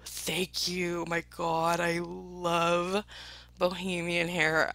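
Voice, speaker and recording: A woman talks to her viewers in a gushing, excitable way, her bright voice carrying a heavy gravelly rasp. She slows to an unhurried pace and swoops up and down, sometimes dropping to a whisper. The sound is close and dry. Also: lowish voice, no echo. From United Kingdom. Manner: drops into whispers now and then. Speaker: vlogger opening viewer gifts. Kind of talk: casual chat to viewers.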